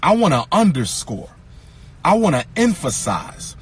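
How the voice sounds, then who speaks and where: A man giving an impassioned lecture to an audience, with a preacher-like cadence, repeating lines for emphasis and rising to shouts. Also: sits high, very animated, a little slow, husky, faint music behind.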